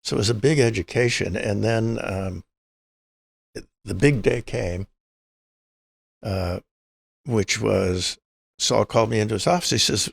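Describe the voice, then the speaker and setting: An older man with a low, heavily gravelly voice tells long stories as an interview guest. He acts out what the people in his stories said, and his husky voice sounds dry and close to the mic. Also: unhurried, long pauses. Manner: anecdotal, acts out quoted dialogue. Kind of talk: storytelling interview.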